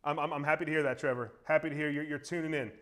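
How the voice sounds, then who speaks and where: Quick, upbeat male co-host. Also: on the high side, fairly even intonation, fairly bright tone, a little hiss or hum. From Baltimore, Maryland. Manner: brisk, upbeat, chatty. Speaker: co-host reading viewer comments. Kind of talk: casual entertainment news chat.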